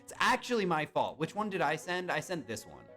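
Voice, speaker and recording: A man's voice: fairly high pitch, fairly quick, soft background music. A young man streamer chatting casually and reacting to viewers' comments while playing browser games. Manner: animated, chatty, reads and answers chat. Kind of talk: casual live-stream chat.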